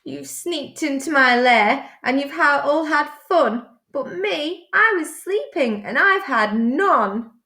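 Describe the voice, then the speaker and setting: A woman's voice: high-pitched, expressive, slow, few pauses, pushed and bright, voice pushed up, exaggerated voice. A woman voicing a big male bear who whines and complains. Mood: whiny. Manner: whiny, complaining. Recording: roomy echo.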